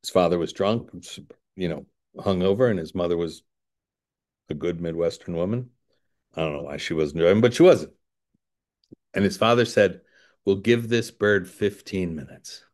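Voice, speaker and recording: A man's voice: low voice, moderate pace, long pauses, a little mellow. A man giving a rambling storytelling talk to a recovery audience, digressive and self-deprecating with wry asides. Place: indoors by a window.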